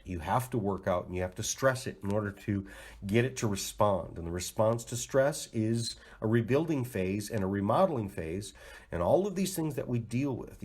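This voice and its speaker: A man's voice: fairly low pitch, darkish tone, breathy edge. A middle-aged man hosting a health advice show, talking in a loose, rambling way with lots of laughs and fillers. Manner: loose, chatty, laughs a lot, many fillers. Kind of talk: casual rambling monologue.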